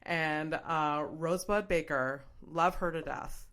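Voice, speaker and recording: A woman's voice: low voice, takes it slowly, fairly bright tone. A woman hosting a podcast in casual chat, talking loosely with fillers and self-corrections. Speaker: podcast host.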